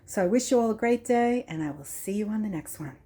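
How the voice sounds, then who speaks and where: A woman's voice: mid-range voice, expressive, fast, warm tone, husky. A retired woman giving a chatty, meandering craft room tour, out of breath, filmed on a handheld phone. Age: older. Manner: chatty, meandering, with many ums. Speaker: craft vlogger. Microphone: phone held in hand.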